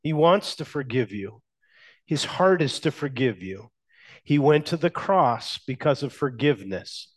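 A male pastor delivering a sermon at an unhurried pace, letting each phrase land before moving on. His voice sits at an ordinary middle pitch. He leans on pauses for emphasis and puts questions to his listeners. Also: animated. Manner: slow, measured preaching with emphatic pauses; addresses the congregation with questions.

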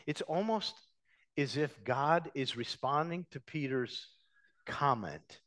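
Dynamic male preacher, higher voice. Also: lively intonation, slow pace. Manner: dynamic preaching, rising loud then dropping to hushed. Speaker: pastor. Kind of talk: sermon.

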